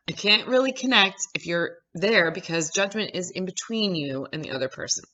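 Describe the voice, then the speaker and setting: A woman's voice: on the low side, lively intonation, normal speed, hardly any pauses, pushed and bright, lo-fi sound. A woman psychologist in her thirties, chatty and upbeat, explaining ideas step by step to her viewers. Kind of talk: casual educational talk to camera.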